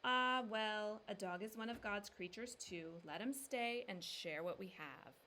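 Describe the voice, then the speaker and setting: A woman's voice: medium pitch, unhurried, pushed and bright, a little hiss or hum. A woman voicing a kindly, wise old father who quotes proverbs and calls out with joy. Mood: gentle. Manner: sage, proverb-quoting, exclaiming with joy.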